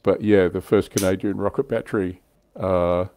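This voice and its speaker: A man's voice: sits low, steady tone, moderate pace, warm tone, a little hiss or hum. An older man hosting a casual livestream chat, chatty and self-deprecating, laughing often. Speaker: livestream host.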